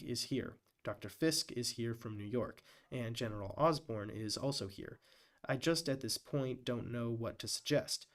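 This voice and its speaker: A man reads a hearing transcript aloud on a live stream, deliberately speaking every "quote" and "end quote" marker. His pitch sits in the middle range, and he acts as both reader and commentator.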